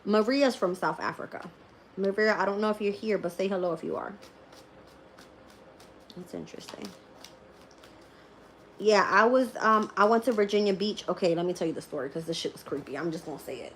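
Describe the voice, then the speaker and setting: A woman chats casually on a live stream, animated and quick to laugh, with plenty of swearing in her stories. Her voice sits in a middle pitch, and a faint hiss of noise runs underneath. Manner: laughs often, swears freely, animated storytelling. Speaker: tarot reader streamer.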